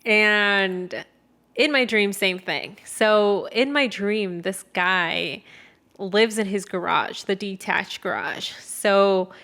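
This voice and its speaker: A woman's voice: mid-range voice, slow pace, sharp tone. Young female podcast co-host, chatty and rambling, mid-range voice, swears casually. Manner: rambling storyteller, lots of filler "like", casual swearing. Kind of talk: casual chat.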